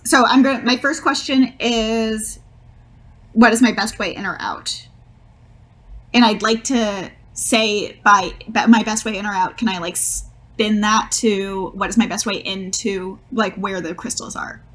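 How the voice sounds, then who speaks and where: A woman's voice: mid-range voice, steady tone, a little slow, fairly bright tone. A woman playing a tabletop game, weighing her options aloud. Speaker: player.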